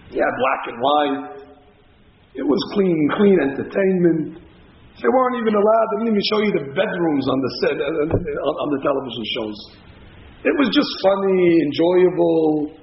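A man preaching a sermon to a group of women, impassioned and emphatic, repeating his points for stress. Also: sits high. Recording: echoey room, dull lo-fi sound.

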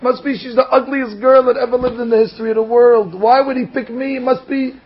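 A man's voice: high voice, fairly quick, gravelly, breathy edge, full character voice. A man voicing an anxious humble young farmer who frets about being married off to a princess, complaining to himself. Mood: fretful. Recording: dull lo-fi recording.

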